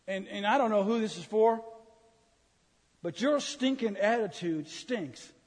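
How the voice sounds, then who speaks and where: High husky preacher in an echoey hall. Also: male voice, unhurried. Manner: teasing, animated preaching with acted-out complaints. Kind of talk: humorous sermon. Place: church sanctuary. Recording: reverberant church hall.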